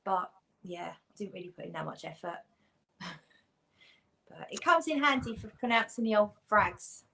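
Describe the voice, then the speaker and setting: A woman, a guest on a casual live chat, talking in a soft, relaxed way that trails off. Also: mid-range voice, normal speed, vocal fry, slight background noise, rough recording.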